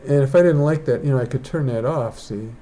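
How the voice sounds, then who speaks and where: Digital artist, male, mellow tone; meandering, talks to himself while working. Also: medium pitch, a little fast. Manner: rambling, thinks aloud. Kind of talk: casual painting tutorial. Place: indoors, rain outside.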